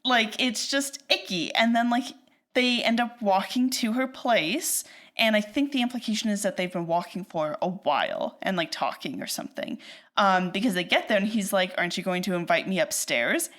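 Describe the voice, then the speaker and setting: A woman co-hosting a movie podcast, talking in loose, casual chat. She rants with real heat, her pitch leaping around as she acts out bits of dialogue, and "like" fills her sentences. The sound is close and conversational. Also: normal speed. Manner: animated ranting, heavy use of "like", acts out quoted lines. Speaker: podcast co-host. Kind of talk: casual film discussion.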